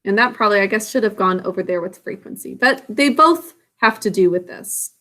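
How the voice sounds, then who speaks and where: A woman's voice: mid-range voice, animated, brisk, a bit bright. A woman teacher explaining a science lesson in a casual, self-correcting way to young students. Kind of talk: recorded classroom lesson.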